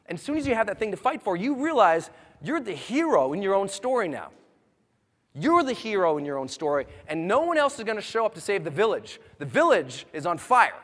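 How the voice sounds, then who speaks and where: A man giving a live motivational speech to an audience, moving from quiet storytelling to loud, bold rallying calls. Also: sits high. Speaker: motivational speaker. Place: large hall with an audience. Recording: long hall reverb.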